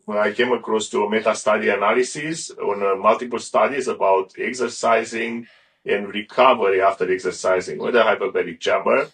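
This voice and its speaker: A man's voice: lowish voice, a bit bright. A middle-aged man talking casually as an interview guest, rambling and restarting his sentences often. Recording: a bit far from the mic.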